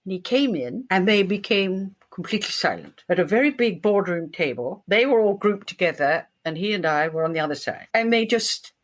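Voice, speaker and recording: An older woman, a writer giving a guest interview, telling animated stories and acting out the voices of people she quotes. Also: medium pitch, a little fast, few pauses. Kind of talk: storytelling in an interview.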